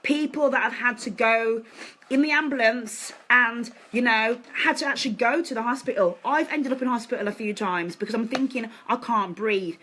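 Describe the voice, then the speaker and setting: Woman on a phone live stream at home, bright voice, earnest and confiding with the viewers. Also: on the high side, moderate pace, a little hiss or hum, low-quality recording.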